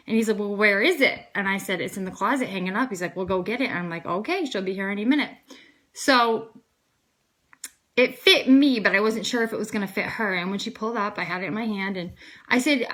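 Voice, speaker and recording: A woman in her thirties, a vlogger, shares a personal faith testimony in a casual, earnest way, her voice bright, forceful, medium-pitched and fairly quick. Animated, she acts out each exchange as quoted dialogue, raising her voice for the other people, and trails off into frequent fillers.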